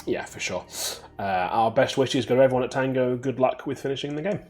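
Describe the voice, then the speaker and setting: A man's voice: mid-range voice, fairly even intonation, darkish tone, soft background music. Man presenting weekly games news. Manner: brisk, reads headlines then banters. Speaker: news show host. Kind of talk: reading games news and chatting.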